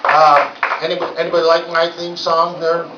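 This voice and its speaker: A man's voice: fairly high pitch, completely flat delivery, a little fast. Stand-up comic, male, rambling folksy delivery, lo-fi hall recording with noise. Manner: rambling, folksy, many filler words. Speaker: stand-up comedian. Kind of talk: stand-up storytelling. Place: legion hall. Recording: roomy, distant, dull lo-fi with noise.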